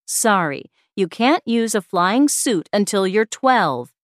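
Brisk storybook mother, firm and hurrying, read by a woman. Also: mid-range voice, lively intonation, no echo, clean studio sound. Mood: urging. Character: hurried mother urging her daughter.

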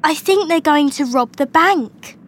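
A woman reading a storybook aloud and voicing a worried, sensible young girl in a high, bright voice. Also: expressive, a little slow.

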